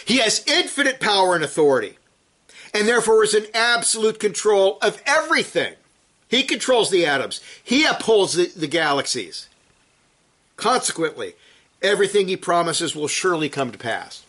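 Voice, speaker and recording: A man preaching a sermon, teaching from scripture in an emphatic way that rises to forceful peaks and then drops low and quiet. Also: big pitch swings, normal speed.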